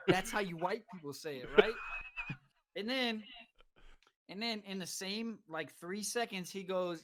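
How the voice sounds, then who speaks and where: A man with a high voice tells an animated story and acts out his friend's lines. His delivery is loose and punchy. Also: a little slow, pauses often, a crowd in the background. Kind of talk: casual storytelling.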